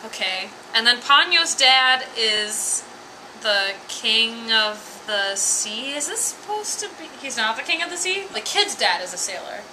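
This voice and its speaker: A woman's voice: on the high side, expressive, unhurried, background noise. A tipsy woman giving a rambling, giggly, profane comic review. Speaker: anime reviewer.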